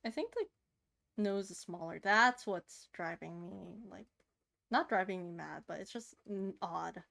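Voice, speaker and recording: A woman's voice: on the low side, animated, unhurried, creaky, fairly bright tone. A woman in her thirties chatting casually to her stream while drawing, giggling and gushing over cute things. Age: 30s. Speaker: livestreamer.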